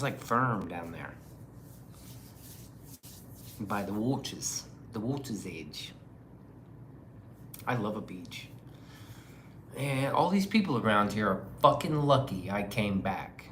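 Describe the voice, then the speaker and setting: A man chatting casually on a livestream, laid-back and drawling, swearing freely as he reads chat. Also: fairly low pitch. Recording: faint background noise.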